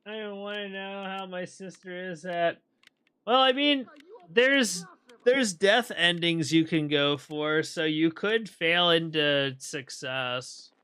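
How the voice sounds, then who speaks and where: A man gives relaxed, rambling commentary while he plays a game, pausing to think aloud and clearing his throat now and then. His voice is bright and smooth. He talks at a slow, easy pace. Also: high voice. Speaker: game streamer. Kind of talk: casual gameplay commentary.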